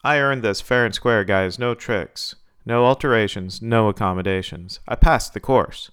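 A man's voice: fairly low pitch, moderate pace, fairly bright tone, clear, resonant tone, close to an everyday voice. A man voicing a confident, teasing young woman Marine officer in a read-aloud story. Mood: defiant.

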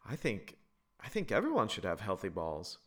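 A man's voice: lowish voice, wildly swooping pitch, normal speed, fairly bright tone, exaggerated voice. A man voicing a dry, teasing father at the dinner table. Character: teasing deadpan dad.

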